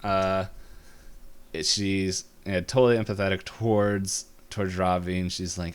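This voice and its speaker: Rambling man with a low, smooth voice. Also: little pitch movement, a little slow. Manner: rambling, full of fillers like "um" and "like". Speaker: podcast co-host. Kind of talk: casual episode recap.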